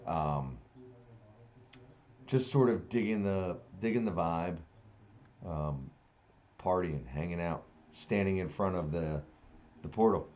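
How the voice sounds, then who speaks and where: A man narrating as game master in a tabletop game, halting and searching for words. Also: low voice, a little mellow. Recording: dull lo-fi audio.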